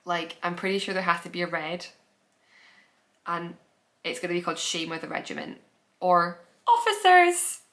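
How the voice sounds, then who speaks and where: A woman hosting a podcast talks in a relaxed, chatty way, gushing with enthusiasm about what she loves. Her voice sits a little low for a woman. She often trails off and restarts her sentences. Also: brisk, pauses often. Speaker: podcast host. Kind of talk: casual chat.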